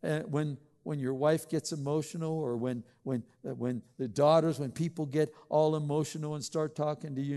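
A man's voice: on the high side, fairly even intonation, normal speed, few pauses, mellow, long reverb tail. A man preaching a sermon in a conversational, joking way, asking the congregation questions. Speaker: pastor.

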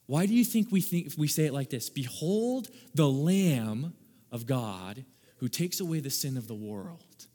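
A man preaching a sermon as pastor, animated, acting out little scenes and laughing at his own jokes. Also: a little high, unhurried. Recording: long hall reverb.

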